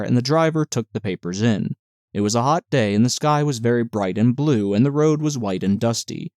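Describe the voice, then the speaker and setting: A male audiobook narrator reading a novel in a steady, measured way. His voice sits at a middling pitch. It is recorded close and dry, with no room sound. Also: no room sound.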